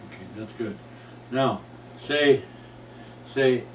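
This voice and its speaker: A man's voice: mid-range voice, steady tone, normal speed. An older man directing a home movie, coaching line readings and recording his own takes. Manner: coaching, repeating takes, gravelly. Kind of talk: directing and rehearsing lines. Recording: echoey room, distant mic, faint noise.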